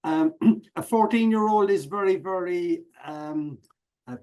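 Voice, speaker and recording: A middle-aged man with an Irish accent chats as an interview guest. His voice sits fairly high for a man, and he talks haltingly, with plenty of fillers and self-corrections. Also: a little mellow, clear, resonant tone, low-quality recording. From Ireland. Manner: hesitant, many fillers and restarts. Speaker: guest speaker. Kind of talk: conversational interview.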